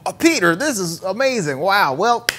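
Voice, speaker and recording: A man voicing a smooth-talking adult con man, breezy and friendly, while retelling a movie scene. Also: high voice, big pitch swings, normal speed, a bit bright, a little hiss or hum, voice pushed up.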